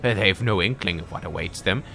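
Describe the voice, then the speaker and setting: A man's voice: low voice, moderate pace, pushed and bright, a little hiss or hum, voice pushed down, exaggerated voice. A man reading the lines of a fat, greedy, fawning male demon slave merchant in a game, in a wheedling salesman manner. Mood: oily. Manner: wheedling, smooth salesman talk.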